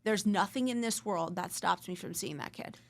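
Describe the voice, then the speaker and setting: A woman's voice: mid-range voice, normal speed, creaky. Blunt, earnest woman host. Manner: blunt, earnest, swears freely, searches for words. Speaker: attorney and podcast host. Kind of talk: casual conversation.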